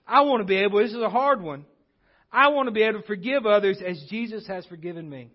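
High-voiced man preaching a sermon. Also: quick pace. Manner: conversational preaching with frequent restarts. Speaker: pastor. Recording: dull lo-fi recording.

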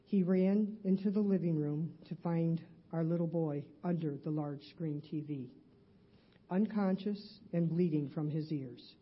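A middle-aged woman in a church, earnestly reading her personal testimony aloud, halting at times with restarts. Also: low voice, husky, lo-fi sound. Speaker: church member giving a testimony.

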